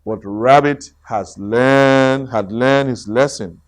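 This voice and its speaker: A middle-aged man reading a children's story aloud as a storyteller, slow and expressive, then quizzing his listeners. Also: medium pitch.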